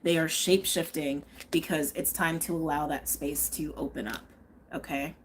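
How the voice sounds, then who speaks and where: Chatty woman tarot reader, low voice. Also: fairly even intonation, moderate pace, noisy background. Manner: chatty, thinks aloud, frequent "okay?" and "um". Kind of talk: live-stream tarot and astrology reading.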